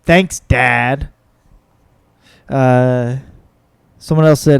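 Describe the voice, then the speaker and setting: A man's voice: medium pitch, unhurried, creaky, pauses often, clear, resonant tone, no echo. A young man, a comedian hosting his own podcast, rambling and swearing as he reads out and answers viewer comments. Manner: rambling, profane, self-mocking. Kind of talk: casual solo podcast chat.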